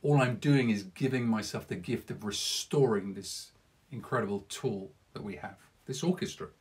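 Husky-voiced man coaching speakers. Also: fairly low pitch, normal speed. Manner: earnest, encouraging, direct to listener. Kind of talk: podcast lesson.

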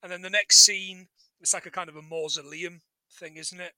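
A man's voice: high-pitched, steady tone, moderate pace, bright, forceful tone, dry recording, low-quality recording. A man co-hosting a casual film recap, rambling and joking and acting out lines from the movie. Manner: rambling, jokey, acts out quotes. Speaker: podcast co-host.

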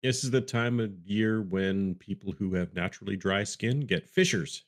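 A man's voice: fairly low pitch, moderate pace. A man co-hosting a casual podcast, reading listener questions and answering in a wry, rambling, self-deprecating way.

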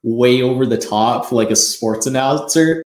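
Chatty and enthusiastic, this podcast host keeps the casual interview going at a normal speed, though he often trips into restarts, stammers, and filler "like"s. His mid-range voice has a darkish tone and a reverberant sound.

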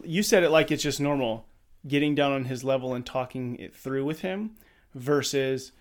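A man's voice: mid-range voice, moderate pace. A man hosting a podcast who chats casually and reflects back on what his guest says. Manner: reflective, affirming interviewer. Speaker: podcast host. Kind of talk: casual conversation.

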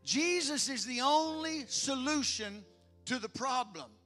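A male pastor preaching a sermon, swinging between loud emphatic lines and hushed ones, with conversational asides to the congregation. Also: extremely high pitch, animated, unhurried, soft background music.

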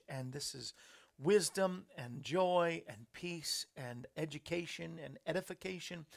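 A man's voice: a little high, gravelly. A man hosting a talk show, chatting in a rambling way and laughing at his own jokes. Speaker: host.

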